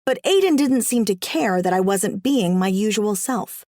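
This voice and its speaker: A woman narrates a first-person audiobook with wry, expressive comic timing. Her voice sits in a middle pitch range, and the sound is dry and close. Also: normal speed, dry recording.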